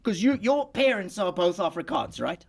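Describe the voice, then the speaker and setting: A man's voice: high voice, very animated, moderate pace, gravelly, full character voice. A man voicing a wisecracking South African puppet host. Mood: cheeky, curious. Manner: wisecracking, teasing, provocative. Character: cheeky male puppet podcast host. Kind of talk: comedic podcast chat.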